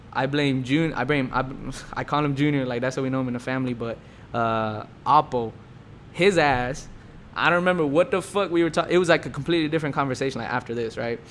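A man's voice: mid-range voice, a bit bright, slight background noise. Laid-back, swearing young man telling a story. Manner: laid-back, profane, full of fillers and quoted dialogue. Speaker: storyteller explaining his rap name. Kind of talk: casual storytelling monologue.

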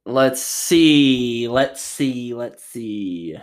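A young man from Utah reading out and answering viewer questions in a loose, rambling way. He talks slowly but his pitch swings a lot, and he drops profanity and jokes as he goes. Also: animated. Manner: rambling, jokey, swears a lot. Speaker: vlogger. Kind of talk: casual Q&A vlog.

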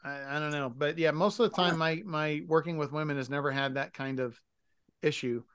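A man's voice: a little high, fairly even intonation, a little fast, fairly bright tone, smooth, dry recording, clean studio sound. A man co-hosting a casual podcast, telling a work story in a rambling way and correcting himself often. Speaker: podcast co-host.

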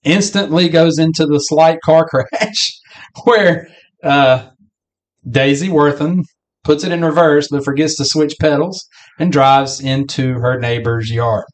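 A man's voice: fairly high pitch, a little slow. A man co-hosting a podcast, chatting casually about a film and acting out some of its lines. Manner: chatty, acts out movie lines. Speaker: podcast co-host.

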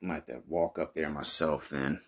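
A man with a deep, low voice narrates his own comic misadventure in a brash, swaggering way. He swears constantly and flares up in shouting outrage. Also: fairly even intonation, a little fast. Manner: crude, profane, brash and swaggering. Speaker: comedy podcast host. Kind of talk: improvised first-person comic narration.

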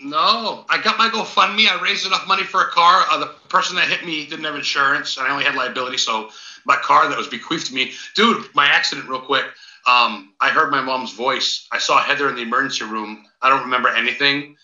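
A man, a paranormal investigator, chatting as a podcast guest, telling stories in an excitable, rambling way with casual swearing. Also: medium pitch, brisk. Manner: excitable rambling storyteller, swears, calls host dude and big dog. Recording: roomy, dull lo-fi sound.

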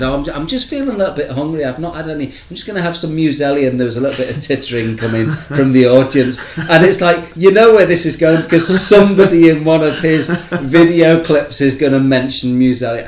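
A man's voice: mid-range voice, slight background noise. Rambling man in an echoey room. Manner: rambling storyteller, acts out quotes in other voices. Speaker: podcast co-host. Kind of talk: casual chat.

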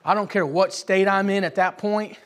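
Young guy preaching at church, high voice, goes from quiet story mode to fired up and loud. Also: fairly even intonation, moderate pace. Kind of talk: sermon. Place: church hall with live congregation.

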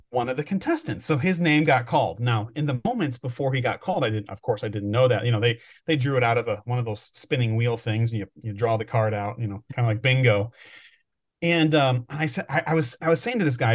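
A man's voice: medium pitch, a little fast. A man co-hosting a podcast, telling stories in a rambling, thinking-aloud way during casual chat. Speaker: podcast co-host.

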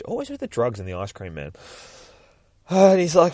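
A man's voice: lowish voice, wildly swooping pitch, a little fast, a little mellow, dry recording. A man hosting a podcast, recording outdoors near his work and retelling a comic with lots of swearing and rambling asides. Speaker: podcast host. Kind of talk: casual comic book retelling.

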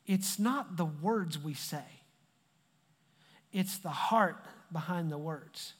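A man's voice: fairly high pitch, slow, breathy edge. A male pastor delivering a sermon in a conversational way, repeating phrases for emphasis. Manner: conversational preaching with emphatic repetition. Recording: long hall reverb.

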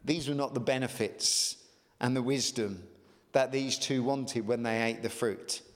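A man preaching a sermon as pastor, emphatic, with sudden rises in pitch. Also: steady tone, a little slow. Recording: long reverb of a large hall.

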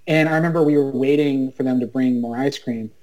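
Mellow-voiced man chatting on a video call. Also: medium pitch, steady tone, brisk, low-quality recording. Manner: rambling, with many restarts and fillers. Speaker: guest, writer. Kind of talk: casual chat.

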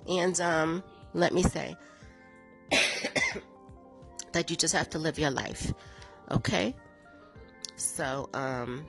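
A woman, chatting to her viewers and telling stories with laughs. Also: on the low side. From American South. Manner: chatty storytelling with laughs, acts out quotes. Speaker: vlogger. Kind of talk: casual chat to viewers.

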